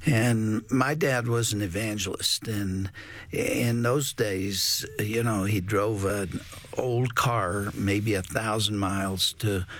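A male talk show host speaks slowly and in a measured way. His voice is low and a little husky. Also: fairly even intonation, fairly bright tone. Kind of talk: interview conversation.

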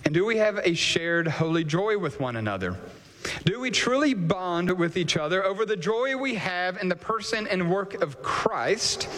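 A man preaching a sermon in a measured, earnest way, asking emphatic rhetorical questions and closing in prayer. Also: high-pitched, lively intonation, a bit bright, a little hiss or hum. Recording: long hall reverb.

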